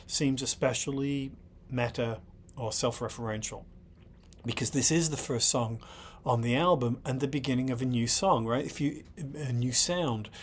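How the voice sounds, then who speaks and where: Middle-aged male host breaking down lyrics, ordinary mid-range voice, faint background hiss, thinks aloud, keeps asking "right?". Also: mid-range voice. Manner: thoughtful, repeatedly checks in with "right?"; blunt and exasperated when scolding critics. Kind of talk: analytical commentary on song lyrics.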